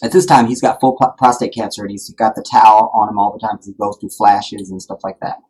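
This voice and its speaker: A man's voice: fairly low pitch, flat delivery, quick pace, darkish tone, breathy edge, low-quality recording. A man hosting a live stream, telling a personal story to his viewers in a rambling, heartfelt way, full of fillers. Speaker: live-streaming channel host.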